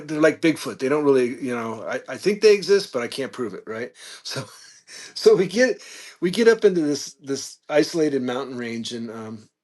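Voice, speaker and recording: A man guest on a podcast, telling a casual story with animated peaks and frequent fillers. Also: mid-range voice. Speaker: podcast guest, reptile keeper.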